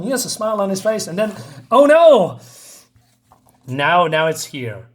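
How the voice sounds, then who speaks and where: A man's voice: high voice, sing-song, a little slow, pauses often. A man giving a casual comic book review, hesitant and full of fillers and asides.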